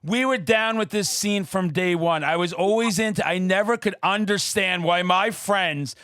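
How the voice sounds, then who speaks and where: A man hosting a podcast interview, talking in a loud, profane, fired-up way with shouted bursts. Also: high voice, moderate pace, clear, resonant tone, no echo, clean studio sound. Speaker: podcast host. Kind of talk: casual interview chat.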